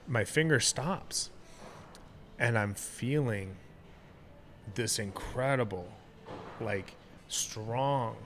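A man's voice: mid-range voice, very slow, long pauses, fairly bright tone, a little hiss or hum. A man in casual podcast talk, candidly telling a personal story with frequent swearing and restarts. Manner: candid and profane, many restarts. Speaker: guest.

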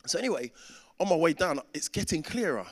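A man's voice: on the high side, big pitch swings, a little fast. A man in his thirties preaching a sermon, telling a personal story and acting out the voices in it. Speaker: pastor. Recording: reverberant hall.

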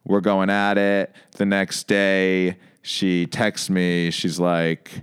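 A man's voice: deep voice, monotone, slow, smooth, no echo, clean studio sound. A man in his thirties, a comedian chatting casually as a podcast guest, telling stories and acting out both sides of conversations. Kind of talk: casual chat.

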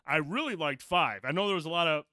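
A man's voice: on the high side, lively intonation, fast, sharp tone, dry recording, clean studio sound. A man co-hosting a podcast, chatting casually and telling rambling, profane stories. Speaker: podcast co-host. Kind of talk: casual chat.

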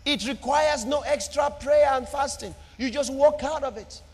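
A man preaching a sermon with an emphatic, repetitive cadence, swinging between loud declarations and soft asides. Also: very high voice, moderate pace, long reverb tail, faint music behind. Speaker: pastor.

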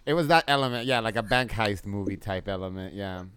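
A man's voice: on the low side, fairly quick, background noise. A man co-hosting a podcast, joking around in slangy casual chat. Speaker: podcast co-host.

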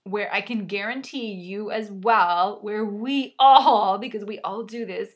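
A woman's voice: medium pitch, a little slow. A woman telling a personal story with dramatic, self-mocking exaggeration and some mild swearing. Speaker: storyteller sharing a personal anecdote.

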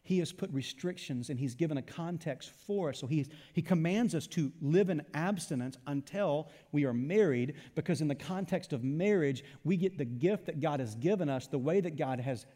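A man preaching a sermon in an animated way, voicing imagined listeners and asking the congregation questions. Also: fairly high pitch, normal speed, few pauses. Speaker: pastor. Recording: long hall reverb.

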